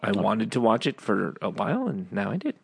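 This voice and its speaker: A man chatting casually as a podcast co-host, rambling and animated, with lots of fillers. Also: lowish voice, brisk, gravelly, slightly rough. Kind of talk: casual chat.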